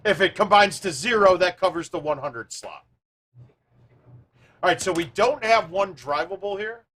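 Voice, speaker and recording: A man hosting a live stream, chatting casually with viewers and thinking out loud as he plays a golf game. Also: high voice, expressive, normal speed.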